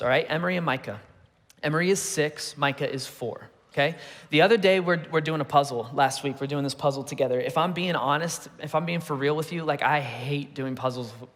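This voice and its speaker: Pastor preaching with hall reverb. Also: male voice, a little high, brisk, a bit bright. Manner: conversational storytelling with rhetorical questions. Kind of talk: sermon. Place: church auditorium.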